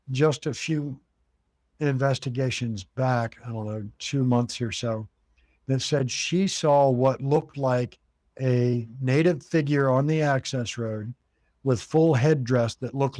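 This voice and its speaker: This is a man from the United States, medium-pitched with a darkish tone, captured in a dry recording. As an interview guest he tells a long story about the haunted cabin he owns, acting out what others said as he retells conversations.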